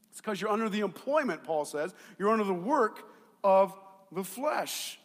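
Animated high-voiced preacher in a reverberant hall. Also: male voice, moderate pace. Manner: animated storyteller, swings between quiet asides and shouting. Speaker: pastor. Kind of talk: sermon with a personal story. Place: church sanctuary.

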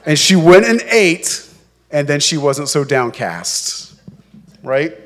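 A male pastor preaching a sermon, slow and emphatic, acting out the people in the story as he goes. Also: on the high side, big pitch swings, a bit bright.

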